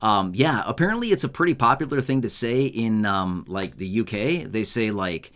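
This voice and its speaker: A man's voice: lowish voice, expressive, moderate pace, fairly bright tone. A young man from the United States, hosting a casual unscripted video in a rambling, self-mocking way and laughing often. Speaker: YouTube host.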